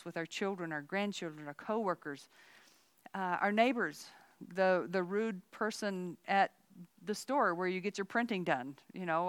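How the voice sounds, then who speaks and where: A woman's voice: lowish voice, smooth, no echo. A woman teaching a women's Bible study in a candid, chatty way, full of "you know" asides.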